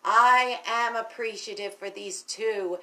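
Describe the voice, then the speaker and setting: Chatty woman, slightly raised pitch, earnest storyteller, casual talk to camera. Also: steady tone, slow, bright, forceful tone. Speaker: radio station general manager.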